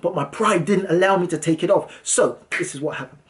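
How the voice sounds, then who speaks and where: A man with a slightly high-pitched voice recounts a story to camera in a lively, casual way. He talks loosely and uses plenty of "um"s between thoughts. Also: a little fast. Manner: animated, lively retelling with frequent "um"s. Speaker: property investor and landlord.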